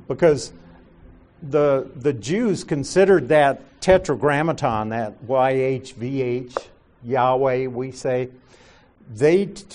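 A male Bible teacher talks slowly through a passage in a lively, rising and falling voice. He explains each point patiently and keeps turning it back to his listeners with questions. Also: medium pitch.

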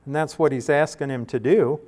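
A man giving verse-by-verse Bible teaching, explaining word meanings carefully and slowing to stress key terms. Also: fairly high pitch, a little mellow.

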